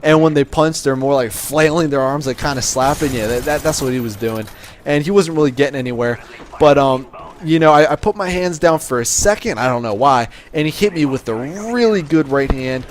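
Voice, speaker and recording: Young male vlogger, cocky and profane storyteller, mid pitch, faint hiss behind. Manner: swaggering, profane, with filler words and restarts. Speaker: vlogger telling a life story. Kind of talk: casual storytelling to camera.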